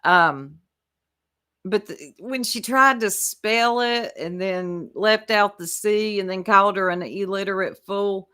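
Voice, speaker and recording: A woman's voice: mid-range voice, slow, pushed and bright, smooth. A woman, chatting casually with viewers and laughing as she reacts to clips. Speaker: commentary streamer.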